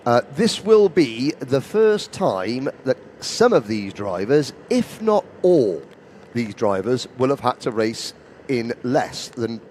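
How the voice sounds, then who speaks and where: A man doing live karting commentary from a studio, chatty and jokey, quick to laugh. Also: medium pitch, very animated, a little mellow, slight background noise. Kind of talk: live race commentary and banter.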